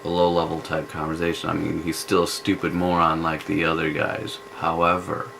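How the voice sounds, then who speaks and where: A man's voice: sits low, monotone, creaky, background noise. A man giving rambling, scornful spoken commentary in a vlog. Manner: scornful, rambling, slow drawl with restarts. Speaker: vlogger.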